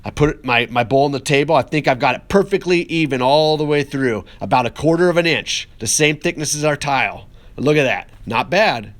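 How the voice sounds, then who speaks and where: Upbeat male art teacher, casual demo voice, encouraging, mid-pitched. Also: a little fast. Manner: upbeat and encouraging, talks while working with hands. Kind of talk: casual classroom demonstration.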